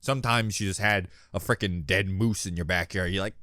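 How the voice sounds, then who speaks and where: A young man hosting a reaction video, talking casually with jokes and swearing, and yelping loudly when something startles him. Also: on the low side, brisk, no room sound, studio quality. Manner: jumpy, loud exclamations when startled; swears freely, jokey.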